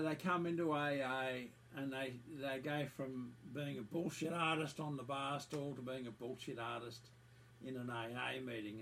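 A man in full rant, swearing hard and repeating himself with contempt. His voice sits at an ordinary middle pitch, and a faint hiss runs underneath it. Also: low-quality recording. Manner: profane, repetitive, scornful. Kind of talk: angry ranting monologue.

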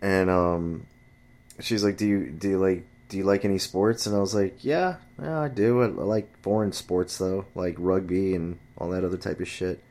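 A man's voice: fairly even intonation, moderate pace, darkish tone. A man ranting casually about his friends and dating, swearing often and jumping his voice up to mimic other people. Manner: profane, exasperated storytelling; jumps high to mimic chatty friends and women. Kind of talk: casual rant.

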